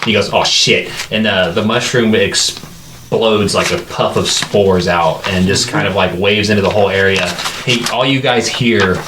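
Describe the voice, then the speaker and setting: A man's voice: on the low side, moderate pace, background noise. A man narrating as game master in a tabletop game, loose and rambling with lots of fillers.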